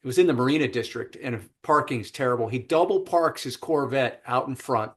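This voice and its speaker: A man's voice: medium pitch, brisk. A man hosting a podcast, telling an anecdote in a casual chat over a remote call and putting on voices for the people in it. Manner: animated anecdote teller with quoted voices. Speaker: podcast host.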